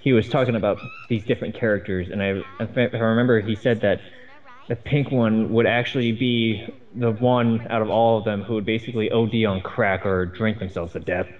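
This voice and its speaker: A man's voice: lowish voice, fairly even intonation, a little fast. Sarcastic man on a dull lo-fi mic. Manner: dry, sarcastic, rambling with fillers. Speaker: co-host reviewing a cartoon. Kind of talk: sarcastic commentary chat.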